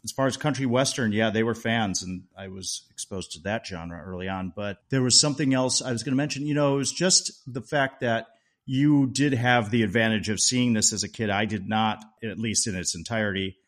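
A man's voice: lowish voice, fairly quick. A man co-hosting a podcast, chatting enthusiastically about a film, with restarts along the way. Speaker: podcast co-host. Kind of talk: casual movie review chat.

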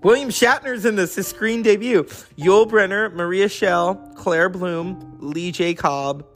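A man's voice: sits high, measured pace, fairly bright tone, soft background music. A man hosting a casual, rambling, enthusiastic chat about classic films. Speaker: host.

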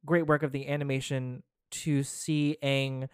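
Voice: medium pitch, little pitch movement, measured pace, clean tone, no echo, clean studio sound. A podcast co-host in casual chat, thinking aloud with hedges and restarts. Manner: thoughtful, hedging, many restarts.

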